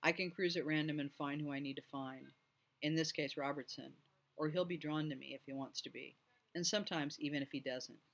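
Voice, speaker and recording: A man reading a novel aloud at home, lively and doing each character's voice. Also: on the high side, brisk, creaky. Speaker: audiobook reader.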